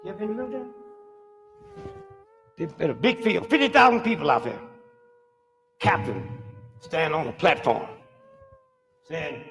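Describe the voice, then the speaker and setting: A man in his sixties performing a stand-up comedy monologue, animated and preachy, baiting the crowd with rhetorical asides. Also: on the high side, normal speed, vocal fry, long pauses. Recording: live hall recording, reverberant, music behind.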